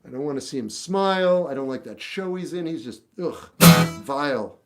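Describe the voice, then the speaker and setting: Over loud music, a man with a slightly high, animated voice speaks at normal speed, reading chat questions on a casual livestream. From a home room with a record collection, he gives blunt, off-the-cuff opinions.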